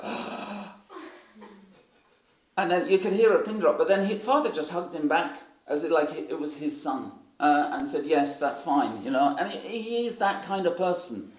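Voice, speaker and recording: A man with a fairly high-pitched voice preaches a sermon in an echoey room. He tells stories loosely and ramblingly, full of fillers and restarts.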